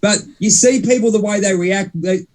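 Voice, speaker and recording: Rambling man, slightly high voice. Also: moderate pace, darkish tone. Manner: rambling, self-interrupting, swears mildly. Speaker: podcast co-host. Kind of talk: casual spiritual chat.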